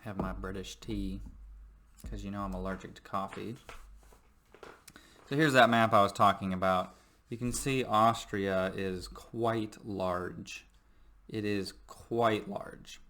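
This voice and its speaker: A man's voice: lowish voice, fairly even intonation, slow, a bit bright. A man who teaches history, giving a recorded lecture in a joking, rambling way with many fillers.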